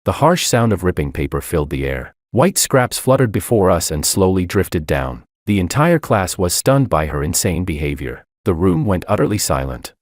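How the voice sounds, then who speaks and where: Deep, expressive male story narrator. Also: normal speed, hardly any pauses, no room sound, clean studio sound. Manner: dramatic, expressive reading. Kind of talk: scripted first-person story narration.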